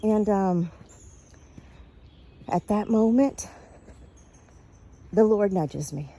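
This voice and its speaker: A woman's voice: medium pitch, extremely slow, mellow. A woman from Texas, telling a personal faith story earnestly, a little out of breath. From Texas, USA. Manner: earnest, quotes people in small voices.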